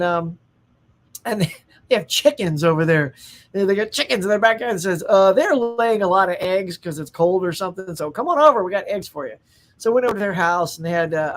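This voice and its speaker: A middle-aged man from the United States hosting a casual live stream, chatting and reading out viewer comments with enthusiasm and frequent laughs. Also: high-pitched. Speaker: host.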